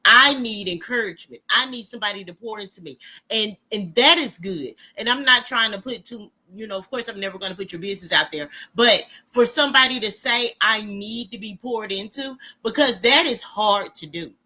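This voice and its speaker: Very bright woman telling stories animatedly. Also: mid-range voice, moderate pace, few pauses. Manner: animated storytelling, acts out quotes. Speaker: podcast co-host. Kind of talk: casual podcast chat.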